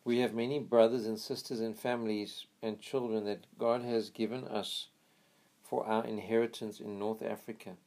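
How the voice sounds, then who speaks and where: A man reading a memoir aloud in an earnest, steady way, now and then pausing to pray quietly. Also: lowish voice. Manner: earnest, pauses for quiet prayers. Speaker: reader of a missionary memoir.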